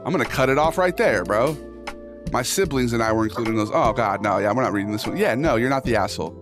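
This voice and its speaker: A man's voice: mid-range voice, lively intonation, fast talker. A man hosting a casual livestream, reading posts aloud and reacting with jokey, profane banter to his chat. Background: instrumental music playing under the talk.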